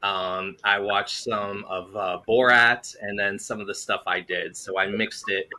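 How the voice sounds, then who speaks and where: A man's voice: on the low side, fairly even intonation, measured pace, bright, forceful tone. A man hosting an acting panel, laughing often and talking with many hesitations. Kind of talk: casual panel chat.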